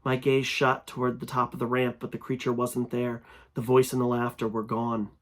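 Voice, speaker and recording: A man's voice: mid-range voice, monotone, moderate pace. Man reading a horror story aloud. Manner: grows louder and tense in frightening passages. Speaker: fiction reader. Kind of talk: first-person horror audiobook narration.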